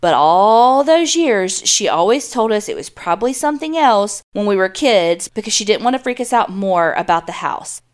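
A woman's voice: medium pitch, animated, fairly quick, few pauses. A woman, co-hosting a podcast, reading a listener's ghost story aloud and then joking bluntly. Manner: blunt and jokey, swears casually. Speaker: podcast co-host.

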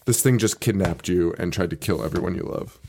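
A male podcast co-host retells a movie in loose, casual chat. He laughs through his sentences, swears freely, and slips into quick impressions of the characters. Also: sits low, vocal fry, darkish tone, a little hiss or hum. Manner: laughs often, swears, acts out quotes.

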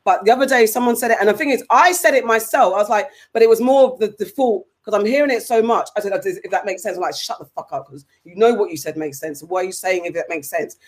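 A woman's voice: mid-range voice, quick pace, few pauses. A British woman co-hosting a casual podcast chat, ranting with animation and repeating herself. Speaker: podcast co-host.

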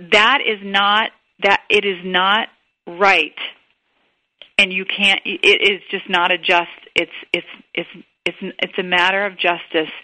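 A woman's voice: fairly low pitch, sharp tone, low-quality recording. A woman guest in an interview, talking enthusiastically and restarting her sentences often. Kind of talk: casual interview talk.

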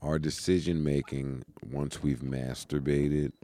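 A man's voice: very deep voice, flat delivery, slow, warm tone. A man who is a podcast guest, chatting casually, joking and breaking in on the host. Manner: joking, interrupting. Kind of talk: casual chat.

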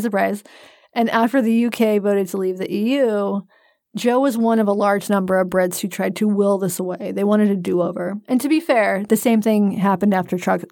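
Woman podcast cohost, gravelly fry, dry jokey delivery, dead dry sound. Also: medium pitch, darkish tone, dry recording. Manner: dry, joking storyteller. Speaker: podcast co-host. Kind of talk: casual podcast chat.

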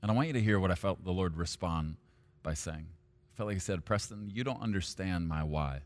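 A male pastor preaching a sermon, at times rising to loud, high-pitched intensity. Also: fairly quick.

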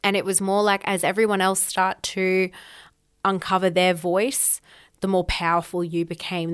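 A woman's voice: fairly low pitch, flat delivery, normal speed, smooth. A woman podcast host telling a personal story in an emphatic, candid way, swearing freely.

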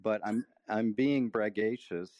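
Low-voiced man telling his story. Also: unhurried, no room sound, highs cut off. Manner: animated, acts out his own quotes. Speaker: guest. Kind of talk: casual storytelling.

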